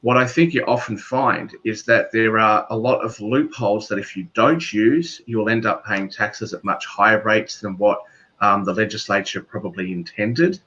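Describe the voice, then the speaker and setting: A man with an Australian accent, a guest speaking in a measured, thoughtful way in casual chat. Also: lowish voice, sharp tone. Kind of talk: casual video call chat. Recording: dull lo-fi audio.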